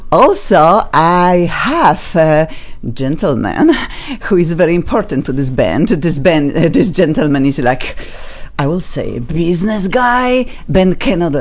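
A woman hosting a talk radio show in a studio, speaking playful non-native English with a lively, animated manner. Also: a bass voice, highs cut off. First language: not English. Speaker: radio host.

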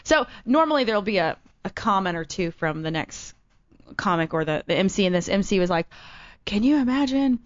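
A young woman stand-up comic chats with lively, animated energy, swinging easily between stories and banter. The recording is dry and a little dull, like a lo-fi studio mic with no room sound. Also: on the low side, brisk, clear, resonant tone, dry recording. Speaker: comedian. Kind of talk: casual chat.

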